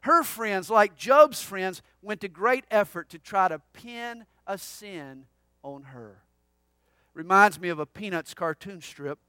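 A pastor preaching an expository sermon, emphatic and conversational with humorous asides. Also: male voice, sits high, pushed and bright, clean tone, no echo, clean studio sound.

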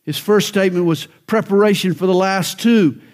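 A man's voice: high voice, moderate pace. A male pastor preaching a sermon, telling jokes and stories, then building to fervent emphasis.

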